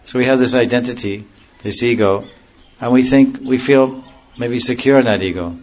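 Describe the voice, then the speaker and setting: A man giving a devotional lecture in a measured, explanatory way, often repeating and restarting phrases. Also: medium pitch, darkish tone, highs cut off. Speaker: religious teacher.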